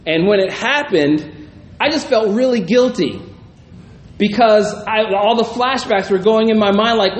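A pastor reading scripture aloud and then musing on it in a conversational teaching style, often checking in with "right?". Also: male voice, high voice, measured pace. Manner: reads scripture, then muses aloud with frequent "right?" asides. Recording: roomy echo, faint background noise.

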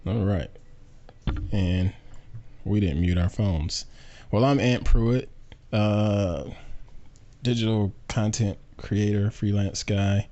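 A man's voice: lowish voice, darkish tone, dull audio. A man co-hosting a casual podcast, joking around in a laid-back, colloquial way. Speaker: podcast co-host. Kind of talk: casual chat.

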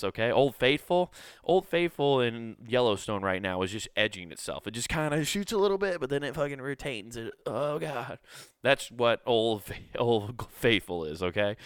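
A man's voice: lowish voice, smooth, dry recording, clean studio sound. A man telling a crude, laid-back comic story in casual podcast talk.

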